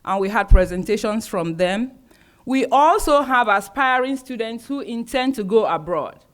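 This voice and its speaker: University program director, woman, fairly high voice, formal ceremony remarks with ums and uhs. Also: expressive, normal speed. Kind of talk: ceremony presentation. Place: university auditorium.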